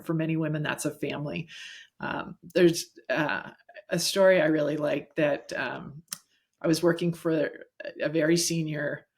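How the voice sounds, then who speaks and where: Middle-aged woman guest, lowish voice, earnest anecdotal storyteller, conversational. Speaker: guest, executive coach. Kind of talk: casual interview chat.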